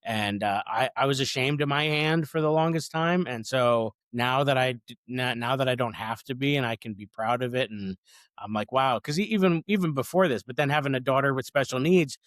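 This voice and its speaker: A man's voice: medium pitch, brisk, a bit bright, dry recording, clean studio sound. A man in his forties, a comedian guest in a casual interview, talking eagerly and rambling, often repeating words as he goes.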